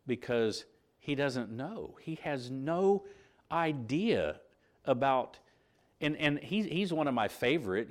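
A man preaching a conversational sermon, halting and circling back mid-sentence, often putting rhetorical questions to his listeners. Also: mid-range voice.

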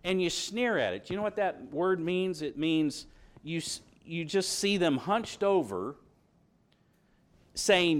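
A man's voice: fairly high pitch, expressive, a little slow. A middle-aged man preaching a sermon, reading scripture aloud and asking his congregation questions.

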